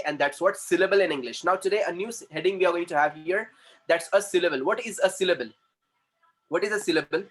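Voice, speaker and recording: A man with an Indian accent teaching an English lesson, who repeats words slowly and switches into Hindi to explain. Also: high-pitched, a bit bright, slightly rough, poor audio. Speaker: communication trainer.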